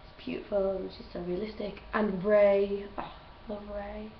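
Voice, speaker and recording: A woman's voice: mid-range voice, level tone, moderate pace, slight background noise. Gushing young woman, roomy distant sound. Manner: gushing, chatty, laughs often. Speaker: vlogger. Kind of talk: casual chat. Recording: roomy, distant, dull home recording.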